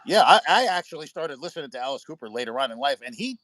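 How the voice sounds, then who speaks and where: A man's voice: on the high side, sing-song, quick pace, fairly bright tone, no echo. Rambling American man hosting a live chat. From United States. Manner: rambling storyteller, swears freely. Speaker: livestream host. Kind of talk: casual chat with viewers. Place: indoors at home by a window.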